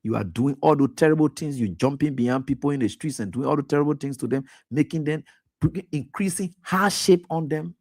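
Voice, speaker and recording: A man's voice: a little high, fairly quick, a little mellow. A man hosting a radio talk show, delivering impassioned, accusatory political commentary with repeated pointed questions. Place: radio studio.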